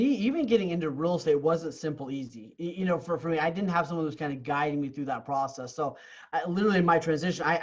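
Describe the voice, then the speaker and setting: Guy raised in canada telling his story on a podcast, highish voice, earnest, keeps restarting words, kinda muffled. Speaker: real estate coach, podcast guest. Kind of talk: candid storytelling in a podcast interview.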